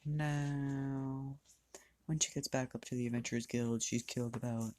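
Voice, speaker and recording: A man's voice: medium pitch, monotone, moderate pace, a little mellow, no room sound. A man casually narrating a fan-made story, rambling, restarting lines and swearing freely.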